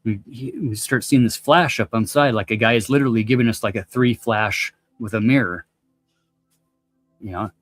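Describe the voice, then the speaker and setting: A man's voice: on the low side, normal speed. A man telling a long story in casual chat, laid-back and slangy, swearing freely.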